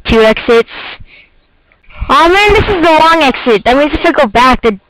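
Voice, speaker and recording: A man's voice: extremely high pitch, lively intonation, normal speed, a bit bright, rough recording. A teenage boy rambling and joking through casual let's-play commentary of a horror game. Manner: goofy, rambling, jokey. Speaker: gamer.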